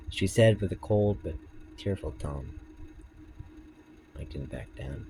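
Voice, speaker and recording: Deep-voiced man reading his story. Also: lively intonation, slow, long pauses, dark tone, a little hiss or hum, poor audio. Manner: breaks off to explain and swear casually. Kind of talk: reading own fan story aloud with casual asides.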